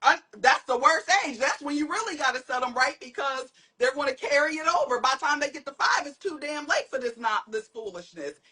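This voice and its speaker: A woman in her thirties co-hosting a casual chat, sassy and animated, breaking into loud outbursts as she tells stories. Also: high-pitched, brisk, few pauses. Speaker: podcast co-host.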